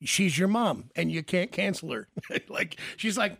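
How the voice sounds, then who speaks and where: Gravelly high-voiced man laughing along. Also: lively intonation, a bit bright, no room sound, studio quality. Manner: laughing, quick reactive interjections. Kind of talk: casual chat.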